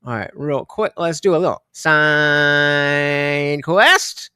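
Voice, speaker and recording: A man's voice: fairly high pitch, takes it slowly, bright, forceful tone, smooth, dry recording, clean studio sound. A man casually commenting on clips during a live stream, rambling with lots of fillers and restarts.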